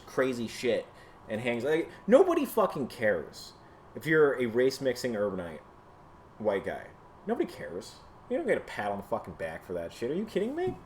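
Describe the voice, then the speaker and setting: A man hosting his own show, delivering a heated, profane rant to a camera, swinging from shouting to low muttering. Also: a little hiss or hum. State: sweaty from exertion. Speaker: podcast host. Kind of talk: solo ranting commentary to camera. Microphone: camera mic.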